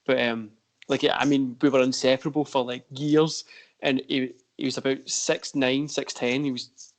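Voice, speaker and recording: A man's voice: mid-range voice, little pitch movement, normal speed. A man with a Scottish accent, hosting a wrestling chat show, laid-back and rambling as he tells stories. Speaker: podcast host. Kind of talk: casual chat.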